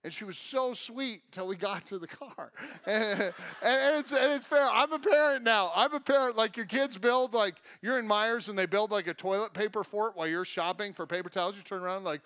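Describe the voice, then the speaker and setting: In a church sanctuary, a male pastor delivers a sermon, telling stories and acting out the voices of the people in them. His voice sits high and a bit bright, moving at a normal speed with hardly any pauses.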